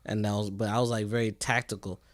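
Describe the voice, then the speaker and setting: A young man with a fairly low voice talks casually on a podcast, rambling through his thoughts and laughing easily. The sound is dry and close, with no room around it. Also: little pitch movement, quick pace, dry recording. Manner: laid-back, rambling, laughs often. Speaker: podcast co-host. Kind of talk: casual chat.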